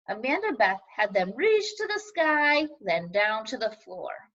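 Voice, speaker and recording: Expressive woman reading a children's book. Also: a little high, unhurried, recorded from a distance, highs cut off. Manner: expressive, playful narration. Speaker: storybook reader. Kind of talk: children's book read-aloud.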